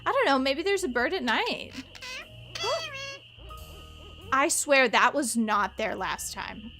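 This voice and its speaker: A woman's voice: high voice, expressive, normal speed, music in the background. A woman streaming a mystery game, chatting casually and rambling in asides to her viewers. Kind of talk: casual let's-play chat.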